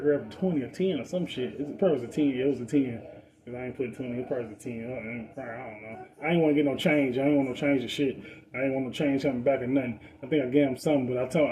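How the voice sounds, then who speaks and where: Man, mellow voice, fairly high for a man, casual profane storytelling. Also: rough recording. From Detroit. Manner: animated, acts out other people's voices in a higher pitch; profane street slang. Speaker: podcast storyteller.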